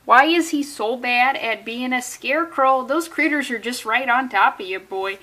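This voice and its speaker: A baffled, folksy Midwesterner with a hammed-up Milwaukee accent and a high voice, as a woman puts her on. The drawl is overdone for laughs, and the pitch sits well up. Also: normal speed, sharp tone. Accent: Milwaukee put-on. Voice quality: exaggerated regional drawl.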